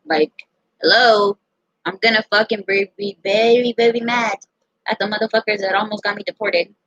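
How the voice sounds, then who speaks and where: A young American woman telling a personal story in a casual, profane, animated way. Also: medium pitch, moderate pace, husky, no echo. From United States. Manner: profane, animated, quotes others in her own voice. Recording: dull lo-fi sound.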